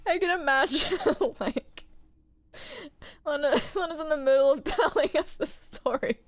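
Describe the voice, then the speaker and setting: A woman's voice: sits high, a little slow, no echo. A young woman streaming a game, chatting casually with candid, crude humor and frequent giggles. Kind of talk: casual gaming stream chat.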